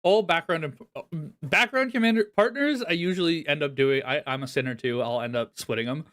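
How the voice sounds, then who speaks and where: A man's voice: fairly high pitch, a little fast, a bit bright. A man chatting casually on a live stream as he reviews viewers' decks, laughing often and poking fun at himself.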